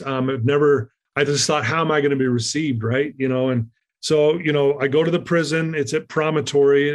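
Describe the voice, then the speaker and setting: A man telling a personal story in a conversation, lively and acting out the lines of people he quotes. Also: a little high. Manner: animated, acts out quoted lines. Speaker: guest speaker.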